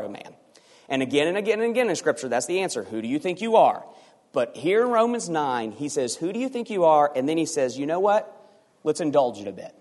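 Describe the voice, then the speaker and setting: A man delivers a sermon from the pulpit, animated and lively, now and then acting out voices to make his point. His voice sits a little high for a man, and a long reverb trails behind it. It sounds like a church sanctuary. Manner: animated, acts out voices for emphasis. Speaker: pastor.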